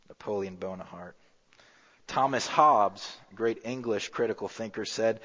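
A man preaching a sermon as pastor, rising to emphatic peaks and dropping to a hushed low voice. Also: moderate pace. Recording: muffled with long hall reverb.

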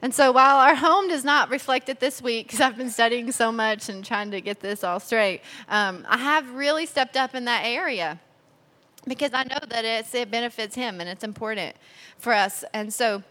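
Bright, chatty woman telling stories. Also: long reverb tail. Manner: chatty, animated, laughs while telling stories; acts out quotes in a higher, louder voice. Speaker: speaker sharing marriage advice. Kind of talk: personal talk to an audience.

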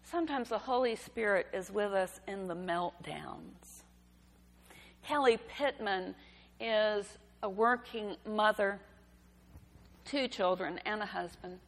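A woman giving a sermon, telling a story in a gentle, unhurried way. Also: medium pitch. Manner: slow, gentle storytelling delivery. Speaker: preacher. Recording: reverberant hall.

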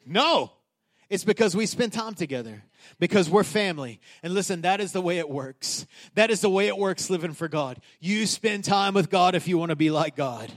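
A man's voice: high voice, moderate pace, hardly any pauses. A middle-aged man, a pastor, preaching a conversational sermon that climbs to emphatic peaks.

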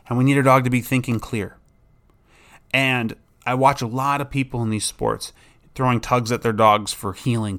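A young adult man who hosts a podcast and trains dogs, talking casually and rambling a bit, sometimes acting out an excited dog. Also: medium pitch. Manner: rambling, relaxed, acts out excited dog voices. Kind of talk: casual solo podcast talk.

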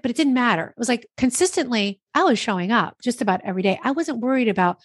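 Woman from New Jersey, podcast guest; chatty, animated storyteller, dry close mic. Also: on the high side, fast, few pauses, dry recording. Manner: chatty, animated, lots of quoted self-talk. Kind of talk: casual interview storytelling. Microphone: podcast microphone.

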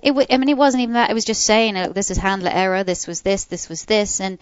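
A woman guest, a dog trainer, talking openly and emphatically in casual conversation, often dropping into a quieter tone. Her voice sits at a middling pitch, recorded dry and somewhat dull. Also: quick pace, smooth, dry recording.

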